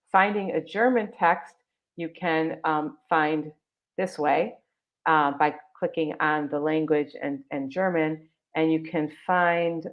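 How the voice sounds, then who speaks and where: A woman presenting a live webinar, walking viewers through a website in a chatty, enthusiastic way with many fillers. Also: sits low. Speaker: webinar presenter for a text library. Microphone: video call. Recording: dull lo-fi video call audio.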